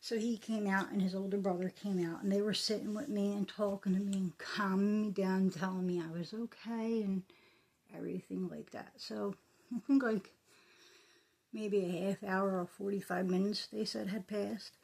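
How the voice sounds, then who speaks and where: A woman telling a personal story in a soft, halting, emotional way, often dropping into a breathy whisper. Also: mid-range voice, steady tone. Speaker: vlogger.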